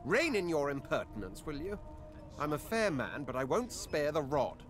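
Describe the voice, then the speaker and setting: A man's voice: on the high side, sing-song, moderate pace, over music. An actor playing a pompous, condescending male master in a video game. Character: haughty male master taking a slave.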